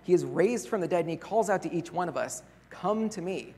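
Man, pastor, sermon, earnest, conversational, rhetorical questions, husky voice, echoing church hall. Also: a little high, expressive, quick pace, darkish tone. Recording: long reverb of a large hall.

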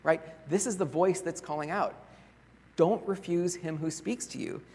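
A man preaching a sermon as a pastor, earnest and conversational, often pausing on rhetorical questions. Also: fairly high pitch, creaky, darkish tone, slightly rough. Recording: long reverb of a large hall.

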